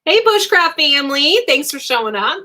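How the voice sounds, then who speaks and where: A woman's voice: sits high, very animated, moderate pace, bright, forceful tone. Young adult woman, livestream host; bubbly, rambling, giggly chat. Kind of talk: casual live chat.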